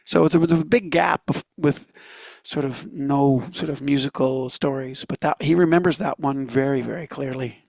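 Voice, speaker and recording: A man's voice: medium pitch, normal speed, gravelly, darkish tone, dry recording. A man from Northern Ireland with a Canadian accent, a guest drummer telling stories in a chatty way and laughing easily. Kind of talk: interview storytelling.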